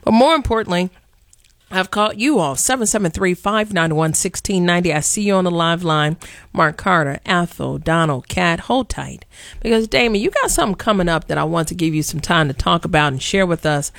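A woman hosting a radio talk show, chatting casually with a guest in a lively, upbeat way and using slang. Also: fairly low pitch, a little fast, vocal fry, no room sound, clean studio sound.

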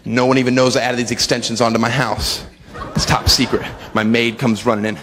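A man's voice: level tone, fairly quick, fairly bright tone. A man doing a stand-up comedy set, acting out characters in his stories. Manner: acts out voices in his stories, swings high for characters. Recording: live club recording with long reverb and audience noise.

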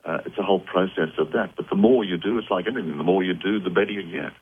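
A man's voice: low voice, fast talker, husky. A man speaking as a psychic guest on a call-in radio show, earnest and reassuring as he explains. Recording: tinny phone line.

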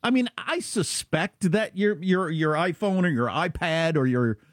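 A middle-aged man from Kansas, chatting casually as an animated storyteller with quick asides. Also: a little high, dry recording, clean studio sound. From Kansas, USA. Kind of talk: casual chat.

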